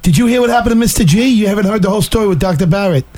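A man telling stories in loud, excitable casual radio banter, stumbling and repeating himself. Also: high voice, very fast.

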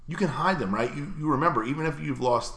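Young male podcast co-host, joking and profane, bright tone, echoey room. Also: fairly high pitch, quick pace. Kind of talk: casual chat.

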